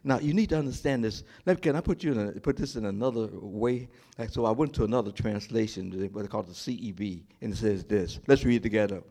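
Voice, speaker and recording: A man's voice: lowish voice, fast, hardly any pauses. A male pastor preaching a sermon, throwing questions to the congregation and acting out the story's characters in dramatic voices. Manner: animated preaching with call-and-response questions to the congregation; acts out the prophet and God in dramatic voices.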